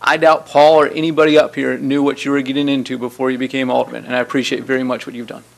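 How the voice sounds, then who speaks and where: A man's voice: medium pitch, little pitch movement, fast talker, creaky, background noise. A man, serving as mayor and reading a formal proclamation at a city board meeting, with folksy asides between the formal lines. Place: city council chamber.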